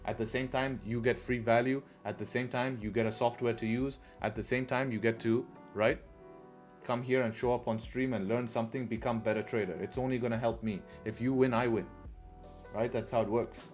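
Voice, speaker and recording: Soft music plays as a male host speaks briskly at medium pitch, his tone steady, on a live trading stream. He keeps it conversational, ending points with "right?" and adding the odd swear.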